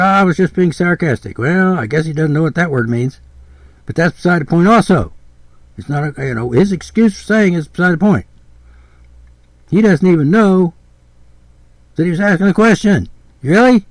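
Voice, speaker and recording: Older guy ranting on his podcast, kinda high voice, swears a lot, repeats himself, dry close sound. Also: animated, normal speed, pauses often, no room sound. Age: 70s. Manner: blunt, repetitive, exasperated, swears freely. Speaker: podcast host. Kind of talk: rambling podcast monologue.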